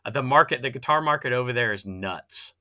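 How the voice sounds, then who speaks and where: Bright-voiced man recalling shop work. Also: mid-range voice, expressive. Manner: halting, restarts, chuckles between thoughts. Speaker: guest, former guitar builder. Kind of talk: casual conversation.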